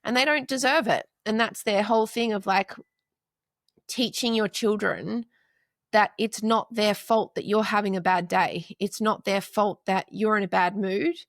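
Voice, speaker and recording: A woman's voice: medium pitch, fairly even intonation, unhurried, no room sound, studio quality. A woman in her forties, a podcast guest and counselor, talking earnestly in casual interview chat and stringing her points into long lists of short phrases.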